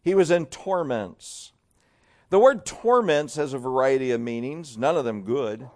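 A man preaching a sermon as pastor, dramatic, swinging between loud emphasis and hushed low tones and stretching out words for weight. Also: expressive, unhurried.

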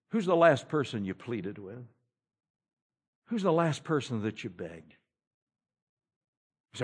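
A man preaching a sermon, moving between loud exhortation and hushed pleading, and reading scripture in an old-fashioned cadence. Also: medium pitch, very animated, normal speed, pauses often, breathy edge. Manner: emphatic, rising and falling between loud exhortation and pleading hush.

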